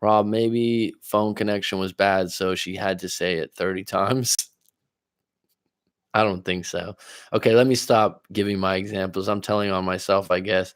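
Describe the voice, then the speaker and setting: A man hosting a relationship coaching livestream, speaking in a fairly low voice. He chats loosely with viewers, laughs easily and leans on his own stories. The recording is close and dry, with no room sound. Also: fairly even intonation, moderate pace, smooth, no room sound. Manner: casual, laughs often, tells personal stories. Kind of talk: livestream chat reading comments.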